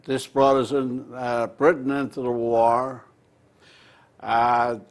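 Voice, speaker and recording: Old irish guy telling stories slow, lots of uhs, middle pitch. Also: fairly bright tone. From Ireland. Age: older. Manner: measured, with frequent "uh" pauses. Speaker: interview guest. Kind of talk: reminiscing in a local TV interview.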